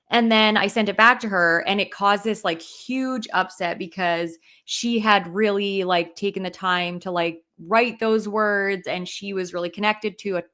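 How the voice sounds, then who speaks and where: A woman's voice: mid-range voice, fairly bright tone. Chatty young woman telling a story. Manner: emotional, heavy use of "like" fillers. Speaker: podcast co-host. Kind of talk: casual chat, personal storytelling.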